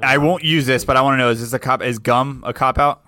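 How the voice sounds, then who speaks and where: Man co-host, casual banter, opinionated, clear and bright, dry mic. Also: medium pitch, fairly even intonation, dry recording. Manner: opinionated, swears casually, drawn-out delivery. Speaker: podcast co-host.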